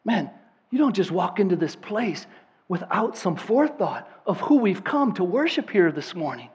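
A male pastor preaching a sermon, swinging between loud, emphatic declarations and quiet, earnest appeals, repeating words for emphasis. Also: high-pitched, sing-song, moderate pace, husky, lo-fi sound.

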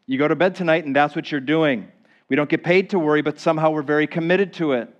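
A man's voice: on the high side, fairly even intonation, muffled recording. Earnest male pastor preaching a sermon. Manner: earnest preaching, reads scripture slowly with emphasis, asks the congregation questions.

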